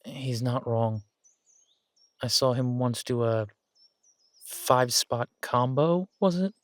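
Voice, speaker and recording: A man voicing a weary, earnest young male thief who speaks low and quietly. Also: slow pace, dry recording, lightly acted. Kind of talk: audio drama acting.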